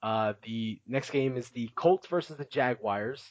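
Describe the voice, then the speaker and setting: A man's voice: mid-range voice, a little slow, dry recording, dull audio. A man hosting a casual podcast, chatty and laughing often as he recaps, with many filler words. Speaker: podcast host.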